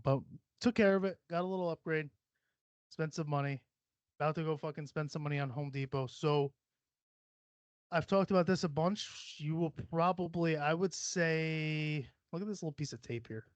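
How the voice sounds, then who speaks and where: Guy rambling on his podcast at home, kinda high voice, cusses a lot, roasts himself, dry dull sound. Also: dry recording. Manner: profane, self-deprecating, rambling. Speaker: podcast host. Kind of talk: casual chat. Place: room at home.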